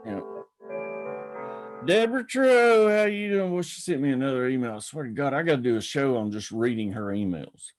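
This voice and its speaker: A man's voice: mid-range voice, animated, fairly quick, soft background music. A man hosting a casual livestream, rambling and greeting viewers by name. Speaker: livestream host.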